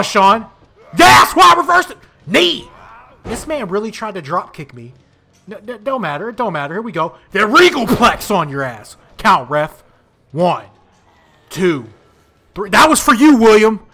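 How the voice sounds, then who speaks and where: A high, gravelly young man plays a wrestling video game and talks over it. He swings from loud, excited trash talk to mumbled asides, and his voice jumps up and down constantly. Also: moderate pace. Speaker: gaming YouTuber.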